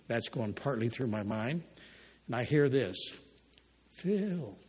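A man's voice: medium pitch, moderate pace, darkish tone, husky. An older man preaching a sermon, reading scripture and telling folksy, humorous stories from his life. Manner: folksy storytelling, humorous asides. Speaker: pastor. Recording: long hall reverb.

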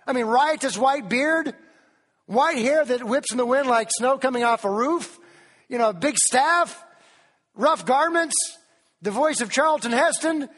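Male preacher, Tennessee, high-pitched, animated sermon full of questions and King James quotes, echoing hall. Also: unhurried.

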